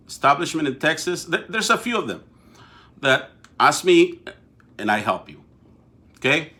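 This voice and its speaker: A man's voice: fairly high pitch, fairly bright tone. A middle-aged man from Mexico with a Mexican Spanish accent, hosting a casual live political show and talking straight to viewers, often restarting and repeating words. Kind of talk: casual live-stream talk.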